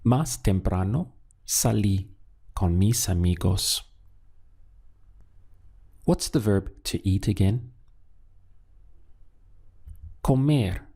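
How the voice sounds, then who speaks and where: A man's voice: lowish voice, lively intonation, slow pace, pauses often, dark tone, husky. A man teaching a language lesson, patiently asking how to say a phrase and then giving the answer himself. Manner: patient, asks questions then gives the answer.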